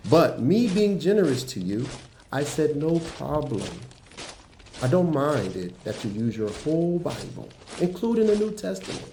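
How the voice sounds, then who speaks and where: A man arguing in a heated online debate, slow and deliberate, pressing his point insistently. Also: on the high side, big pitch swings, dark tone. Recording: echoey room with faint noise.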